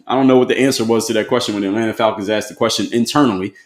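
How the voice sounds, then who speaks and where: A man's voice: on the low side, fairly even intonation, rapid-fire, reverberant. A man, giving blunt, emphatic commentary to camera and repeating his key points. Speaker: motivational commentator.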